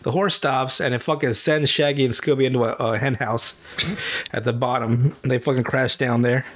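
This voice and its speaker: A man's voice: mid-range voice, normal speed. A man hosting a podcast, casually recapping a cartoon with a lot of swearing and laughter. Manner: profane, laughing storyteller who recaps cartoons; animated, jumps into silly character voices. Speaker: podcast host. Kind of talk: casual chat.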